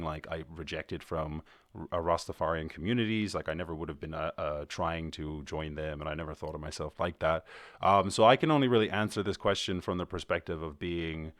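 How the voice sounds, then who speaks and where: A man's voice: deep voice, dry recording, clean studio sound. A young Irish man in his twenties hosting a podcast, rambling loosely in casual chat, swearing and restarting his sentences. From Ireland. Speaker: podcast host.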